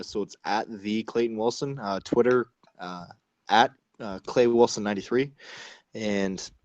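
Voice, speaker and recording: Canadian guy guest, low voice, halting and casual, dry sound. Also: darkish tone, no echo, lo-fi sound. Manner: halting, many uh fillers and restarts. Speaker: guest wrestler. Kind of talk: casual interview chat.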